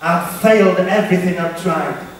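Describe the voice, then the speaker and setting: A man's voice: high voice, fairly even intonation, normal speed. A man giving an emphatic, repetitive motivational keynote to teenagers, talking straight to the audience. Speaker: motivational speaker. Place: large hall with teenage audience. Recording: echoey hall from far off.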